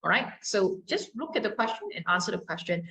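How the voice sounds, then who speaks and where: A woman's voice: mid-range voice, big pitch swings, a little fast, vocal fry, sharp tone, low-quality recording. Malaysian woman teaching exam English. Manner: switches into Mandarin to explain, models pronunciation. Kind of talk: exam-prep lesson.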